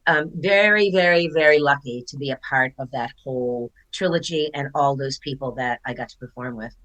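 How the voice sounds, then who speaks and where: A woman's voice: a bass voice, fairly quick, fairly bright tone, low-quality recording. An older woman, an actress guest on a podcast, telling stories in casual chat and acting out quoted lines. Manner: chatty storyteller who acts out quotes.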